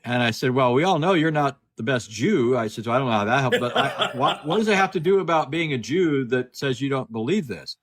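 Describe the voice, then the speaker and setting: A man's voice: mid-range voice, lively intonation, a little fast, few pauses. A man on a phone video call, telling a story in casual talk, with many repeated words and the other speaker's lines acted out. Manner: chatty, repeats words, acts out quoted dialogue. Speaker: guest speaker. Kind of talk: casual storytelling in a live discussion.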